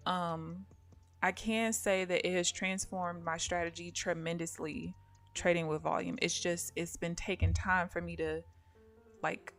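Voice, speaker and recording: Lady chatting loosely while she trades live, kinda rambly, some quiet music in back. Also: on the low side. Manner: relaxed, rambling, thinking aloud. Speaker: day trader streaming live. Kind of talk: casual live-stream commentary.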